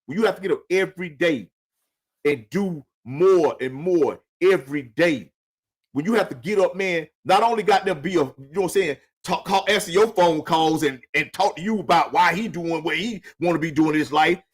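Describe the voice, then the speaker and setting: A man's voice: a little high, moderate pace, breathy edge. A middle-aged man hosting a casual talk show, emphatic and repetitive, lecturing his guest with plenty of profanity. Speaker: podcast host. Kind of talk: casual chat.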